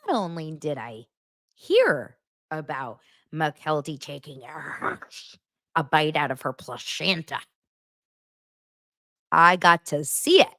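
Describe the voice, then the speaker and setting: A woman's voice: low-pitched, big pitch swings, takes it slowly, long pauses, a bit bright, no room sound, clean studio sound. A woman hosting a podcast, recapping reality TV in a blunt, sarcastic, casual way. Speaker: podcast host.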